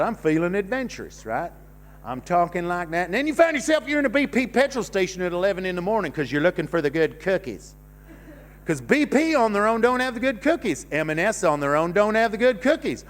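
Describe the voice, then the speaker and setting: Onstage at a comedy club, this Canadian man in his fifties delivers a meandering, self-deprecating stand-up set full of swearing and half-finished thoughts. He has a high-pitched, fairly bright voice.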